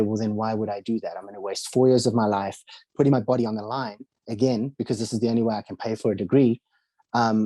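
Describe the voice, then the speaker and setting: A young South African man with a mellow, lowish voice and a matching accent guests on a podcast, casually recounting his life story. He's chatty, full of fillers, and acts out what other people said to him. The recording is dry.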